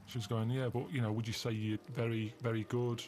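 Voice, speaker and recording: A man in casual chat, telling rambling deadpan stories. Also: medium pitch, fairly quick, slight background noise. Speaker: podcast guest.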